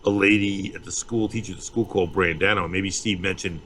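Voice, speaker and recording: A man's voice: low voice, steady tone, brisk, a bit bright, slight background noise. A man from Malden, Massachusetts, co-hosting a podcast in casual chat and telling rambling, profane stories. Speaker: podcast co-host.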